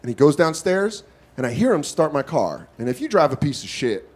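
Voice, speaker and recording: A man doing stand-up storytelling, animated, profane and self-mocking, in a comedy club. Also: a little high, brisk.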